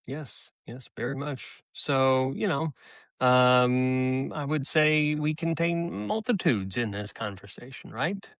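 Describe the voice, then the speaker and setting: A man co-hosting a casual podcast chat, talking in a relaxed, measured way with many fillers. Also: mid-range voice, dry recording, clean studio sound. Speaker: co-host.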